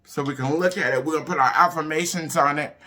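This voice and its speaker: A woman, hosting a casual motivational talk for her viewers, animated and emphatic, swinging between loud bursts and hushed asides. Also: low-pitched, quick pace. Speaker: online show host.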